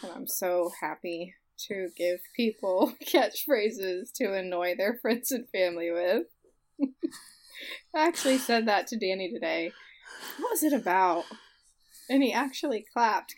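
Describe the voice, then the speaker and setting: A woman co-hosts a podcast in relaxed, unhurried chat, laughing often between her words. Her fairly high voice swoops widely in pitch. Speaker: podcast co-host. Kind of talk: casual chat.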